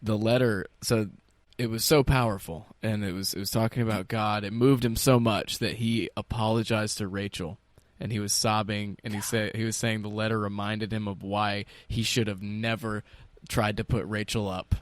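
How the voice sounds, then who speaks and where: A man co-hosting a podcast, recapping in a casual, animated way and laughing often. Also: fairly low pitch, moderate pace, dry recording. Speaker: podcast co-host. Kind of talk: casual chat.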